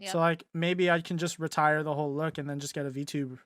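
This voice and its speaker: A man's voice: fairly high pitch, steady tone, fairly quick, fairly bright tone, no echo, studio quality. A young man co-hosting a podcast and chatting casually, rambling with lots of fillers. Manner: rambling, filler-heavy, laughs easily. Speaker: podcast co-host and streamer. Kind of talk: casual chat.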